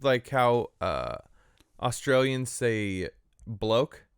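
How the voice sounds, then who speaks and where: A man hosts a comedy podcast with a smooth, clear voice at an ordinary pitch. He jokes in a casual, deadpan way and slips into mock solemnity. The sound is close and dry. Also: very slow, no room sound. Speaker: podcast co-host.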